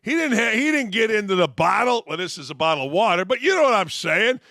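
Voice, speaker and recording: Sports talk host in his 60s, brash and rambling, high bright voice, dry studio sound. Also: sing-song, quick pace, gravelly, dry recording.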